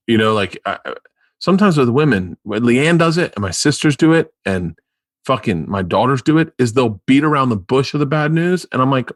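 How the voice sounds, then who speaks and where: A man's voice: medium pitch, brisk, dry recording, studio quality. Rambling, profane male podcast host. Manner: rambling, profane, excitable storytelling. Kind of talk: casual chat.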